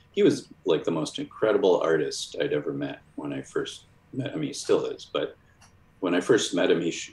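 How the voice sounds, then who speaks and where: A man from Chicago, a cartoonist guest, telling casual rambling stories full of fillers and restarts. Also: a bass voice. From Chicago, USA. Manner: rambling, many fillers and restarts, lively quoted voices. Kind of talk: casual storytelling. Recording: roomy echo.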